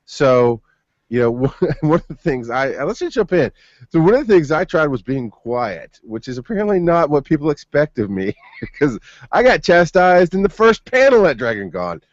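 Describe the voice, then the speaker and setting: A man's voice: on the high side, sing-song, moderate pace, no room sound. A man co-hosting a podcast in casual chat, telling a long story in a rambling way and laughing often. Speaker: podcast co-host. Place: home studio. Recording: muffled dry remote recording.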